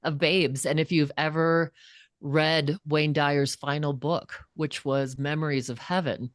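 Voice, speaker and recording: Low-voiced woman telling a heartfelt story. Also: unhurried, no echo, clean studio sound. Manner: earnest, animated, acts out quoted voices. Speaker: guest, author and coach. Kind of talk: personal storytelling in an interview.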